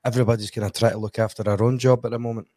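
A man's voice: medium pitch, flat delivery, very fast, mellow, no room sound. A Scottish man giving blunt football opinions in casual podcast chat. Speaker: football pundit.

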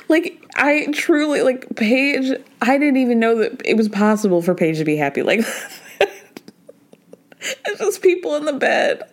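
A woman's voice: high-pitched, animated, a little slow. A woman hosting a podcast, recapping a reality show in casual, gossipy chat and slipping into quoted voices. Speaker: podcast host.

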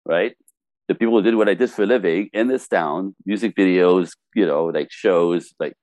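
A man's voice: sits low, normal speed, dry recording. A middle-aged French Canadian man with a French Canadian accent, a podcast guest telling a story with lots of laughter and acted-out quotes. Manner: lively, laughs often, acts out quotes in different voices. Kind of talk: animated storytelling in a podcast interview.

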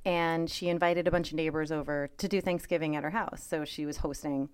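A woman's voice: low voice, brisk, clean tone. Chatty woman podcast co-host. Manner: chatty storyteller, lively retelling with lots of fillers. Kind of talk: casual chat.

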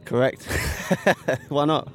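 A man answering a few quick questions in a laid-back way, outdoors at a race. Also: a little high. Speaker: interviewee at a race. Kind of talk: casual chat. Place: outdoors beside a road race.

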